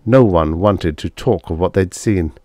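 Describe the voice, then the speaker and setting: Low-voiced man narrating a story. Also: a little slow, a little mellow, dry recording, studio quality. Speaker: audiobook narrator. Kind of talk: scripted narration.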